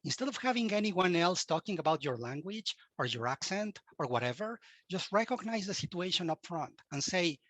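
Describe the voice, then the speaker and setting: A man with a Mexican Spanish accent speaks earnestly as an interview guest, with Spanish as his first language. His voice sits a little high for a man and often stumbles into repeated words. The recording is dry and close, with little room sound. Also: very animated, fairly quick, few pauses, a bit bright, no echo. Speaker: guest expert. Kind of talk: interview, conversational advice.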